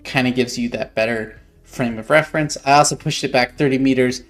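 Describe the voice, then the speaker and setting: A man's voice: mid-range voice, steady tone, brisk, soft background music. A man, an author, reading passages from his own novel aloud and explaining his edits in a thoughtful, hesitant way, often correcting himself.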